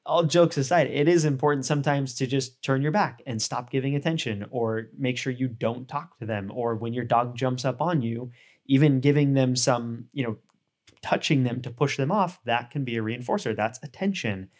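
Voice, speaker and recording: A man explaining dog training in a relaxed, conversational way, often adding "you know" and "right?" as he works through everyday examples. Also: mid-range voice, normal speed. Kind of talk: casual instructional talk.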